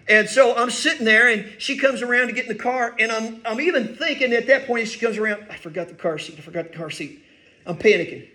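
An older male pastor with a notably high voice delivers a sermon in a roomy, echoing church. He preaches in a folksy, self-deprecating way, leaning on stories from home. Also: sharp tone. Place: church sanctuary.

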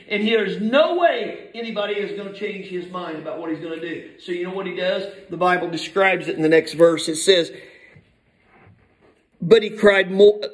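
Male preacher, high voice, emphatic sermon delivery, soft to shouting. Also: slightly rough, rough recording.

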